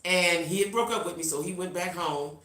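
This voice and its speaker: A middle-aged woman hosting a live stream, telling a personal story in a casual, animated way and talking straight to her viewers. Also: fairly low pitch, fairly quick, reverberant. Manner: reads out viewer comments. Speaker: livestream host.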